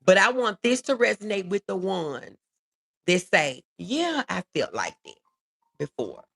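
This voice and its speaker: A woman's voice: mid-range voice, very animated, a little slow, gravelly, slightly rough. A middle-aged woman, hosting a casual livestream, reading viewer comments and talking with feeling. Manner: warm, reads viewer comments aloud, emotional. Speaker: livestream host.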